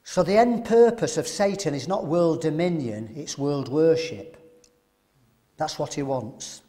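A man preaching at a men's seminar, animated and throwing rhetorical questions to the audience. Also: on the high side, unhurried.

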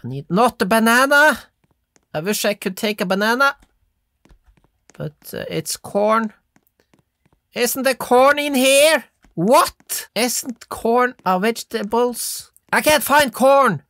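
A woman giving excitable let's-play commentary, yelping and giggling as she plays. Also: on the high side, slow pace, no echo, clean studio sound. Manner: excitable, yelps and giggles while playing. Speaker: gamer.

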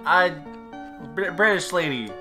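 Playful woman hosting a let's play at home, teasing, bouncy bright voice. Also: on the low side, animated, faint music behind. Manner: playful, teasing, quick asides. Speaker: let's-play channel host. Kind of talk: casual let's-play chat.

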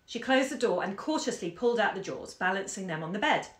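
A woman bookseller reading a short story aloud on a live stream from home, measured and lively in the dialogue. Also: medium pitch. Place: home during lockdown. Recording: echoey room.

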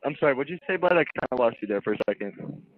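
A man's voice: mid-range voice, animated, rapid-fire, dry recording. A man working at a club, answering the phone politely and stalling with lots of fillers. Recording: tinny phone line.

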